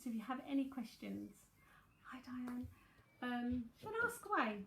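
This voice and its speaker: Speaking at a measured pace with a sing-song lilt, this fortysomething psychic medium and tarot reader from South London has a fairly high, slightly bright voice with vocal fry. She breezes through a live reading with viewers, dropping asides and fillers. A little hiss or hum sits under the echoey room sound.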